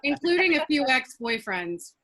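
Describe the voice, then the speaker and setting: A young woman performing a stand-up comedy set with punchy, deadpan delivery, laughing at her own jokes. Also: high voice, moderate pace, a crowd in the background, low-quality recording.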